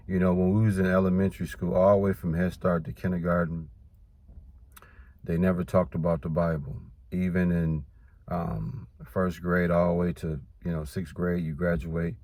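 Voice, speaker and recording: A man's voice: sits low, little pitch movement, moderate pace, darkish tone. A man teaching about the Bible in a casual preaching style, reading verses and then explaining them, often adding "man" and "you know".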